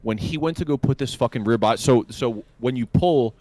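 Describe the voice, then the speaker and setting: A man's voice: medium pitch, a little fast, dry recording. A man co-hosting a podcast, telling a work story in a casual chat with lots of swearing. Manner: profane, animated storytelling. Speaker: podcast co-host.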